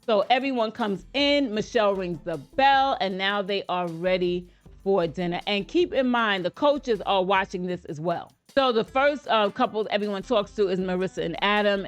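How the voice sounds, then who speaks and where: An American woman reacting to a reality show in a relaxed, chatty way, addressing her viewers directly and throwing in playful asides. Her voice sits at an ordinary middle pitch. Quiet music plays faintly behind her. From United States. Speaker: reaction video host. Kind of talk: casual reaction commentary.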